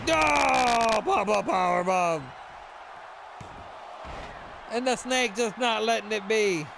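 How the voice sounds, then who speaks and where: A man calling a wrestling video game match in an excited play-by-play style, often breaking into shouts. His voice sits very high and has a gravelly edge with a bright, sharp tone. Faint noise hums behind him. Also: a little slow, pauses often, rough recording. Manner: shouts and exclaims at big moves.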